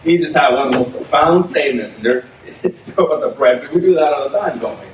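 A man preaching a sermon in an animated, conversational way, often breaking into laughter. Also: fairly high pitch, fast. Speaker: pastor. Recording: echoey room, mic at a distance, faint noise.

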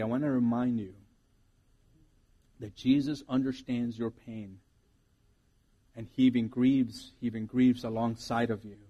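A man's voice: mid-range voice, a little mellow. A man preaching a sermon as pastor, earnest and reflective, often restarting his sentences.

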